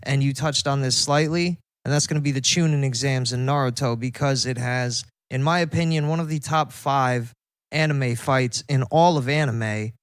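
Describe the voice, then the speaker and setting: A man's voice: mid-range voice, normal speed, smooth, no echo. A young man co-hosting a casual anime podcast, laid-back and opinionated, chiming in with corrections. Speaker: podcast co-host. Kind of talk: casual chat.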